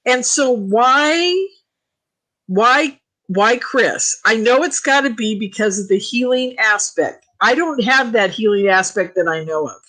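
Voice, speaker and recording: A woman on a talk radio show, telling her experiences in an animated, emphatic, excitable way. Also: fairly high pitch, unhurried, rough recording. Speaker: UFO contactee guest. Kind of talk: casual talk radio chat.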